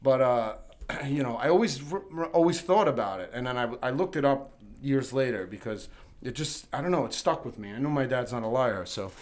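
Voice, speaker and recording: A man from New York City chats as a guest on a casual podcast. He rambles through his stories with many restarts and breaks into laughter as he acts out what people said, in an ordinary mid-pitched voice. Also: animated, fairly quick, a little mellow. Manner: rambling storyteller, full of restarts, laughing when acting out quotes. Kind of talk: casual chat.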